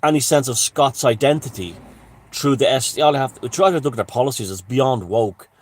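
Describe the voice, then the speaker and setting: A man's voice: mid-range voice, brisk. A man giving a heated, rambling political monologue, swearing and restarting his sentences. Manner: heated, profane, full of restarts and asides. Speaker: commentator.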